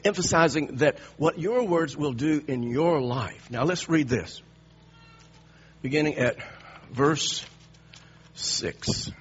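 A man's voice: on the high side, slow pace, long pauses, dull audio, a little hiss or hum. A man preaching a sermon, emphatic and repetitive, restarting phrases as he drives each point home.

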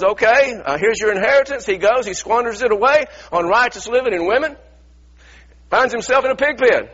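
Male preacher, husky and bright, impassioned sermon delivery, dull lo-fi sound. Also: very high-pitched. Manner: impassioned, acts out biblical voices.

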